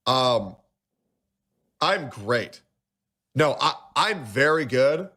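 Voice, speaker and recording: A young adult man streaming, talking in an emotional, halting way with frequent stammered restarts. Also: mid-range voice, big pitch swings, sharp tone. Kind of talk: emotional live-stream monologue.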